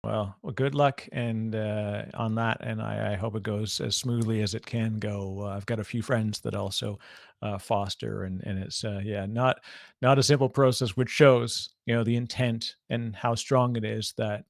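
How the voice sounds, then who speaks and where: A man hosting a podcast interview, telling stories with lively acted-out quotes and frequent laughter. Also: on the low side, normal speed, creaky, no room sound, studio quality. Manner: animated storyteller, acts out quoted salespeople and laughs often. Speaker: podcast host. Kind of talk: casual interview chat.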